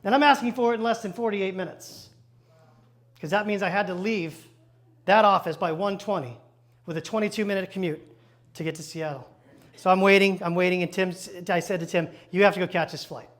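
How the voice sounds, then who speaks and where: Preaching from a church stage, a man with a very high voice tells his sermon as a story. Exchanges are acted out in lively bursts, and he throws brief asides to the congregation.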